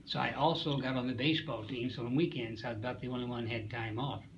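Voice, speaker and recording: The sound is lo-fi and very noisy. Speaking fast with a steady tone and medium pitch, a man in his nineties, a wartime Coast Guard veteran from Springfield, Missouri, USA, tells his stories in an interview, folksy and rambling with hesitations.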